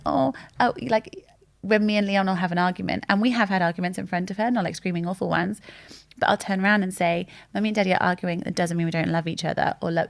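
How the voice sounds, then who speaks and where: A woman's voice: on the low side, gravelly. A woman in her thirties talking candidly and openly in a casual chat, telling stories with animation. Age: 30s. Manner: open, candid and animated storytelling. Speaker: guest.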